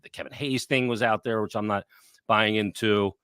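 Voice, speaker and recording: A man co-hosting a podcast, talking sports in a blunt, profane, animated way. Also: fairly low pitch, normal speed, smooth, no room sound, clean studio sound. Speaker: podcast co-host. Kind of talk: casual sports talk.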